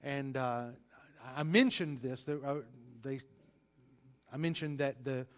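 A man preaching a sermon, stressing single words and swinging between loud and quiet delivery. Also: fairly high pitch. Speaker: pastor.

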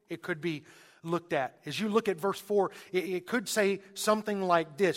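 A man's voice: high voice, fairly quick. A man preaching a sermon as pastor, emphatic, repeating phrases and restarting mid-sentence.

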